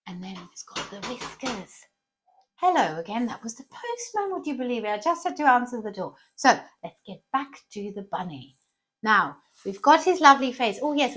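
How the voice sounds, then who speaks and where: A woman's voice: medium pitch, pushed and bright. Cheerful woman teaching kids to draw. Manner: cheerful, encouraging, asks the viewer questions. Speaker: children's art teacher. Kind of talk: drawing lesson for children.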